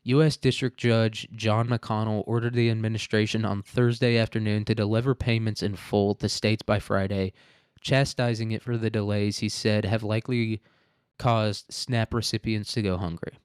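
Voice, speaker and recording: A man's voice: lowish voice, flat delivery, normal speed, smooth, no room sound, clean studio sound. Rambling, profane male podcast host. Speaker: show host. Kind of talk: casual political commentary podcast.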